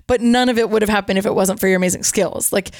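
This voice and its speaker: A woman hosting a podcast in casual chat, eager and quick with reactions and questions. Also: mid-range voice, steady tone, a little mellow, no echo, clean studio sound. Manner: enthusiastic, chimes in with reactions. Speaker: podcast host.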